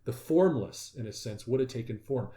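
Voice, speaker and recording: A man hosting a casual discussion, reading notes aloud and growing loudly excited, with some swearing. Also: mid-range voice, moderate pace. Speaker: podcast host.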